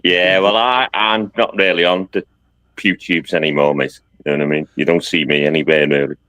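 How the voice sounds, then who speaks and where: A man's voice: low voice, fairly even intonation, fairly quick, bright, forceful tone, no room sound, highs cut off. A man in his fifties with a Scouse accent, bantering bluntly about football and swearing freely as a guest on a live chat. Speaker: guest caller. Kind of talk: casual banter.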